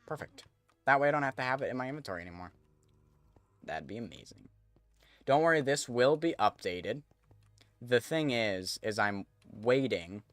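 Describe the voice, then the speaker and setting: A man's voice: medium pitch, lively intonation, moderate pace, pauses often, fairly bright tone, dry recording, soft background music. A man streaming a game, chatting casually to viewers as he thinks aloud and corrects himself. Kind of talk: casual gameplay commentary.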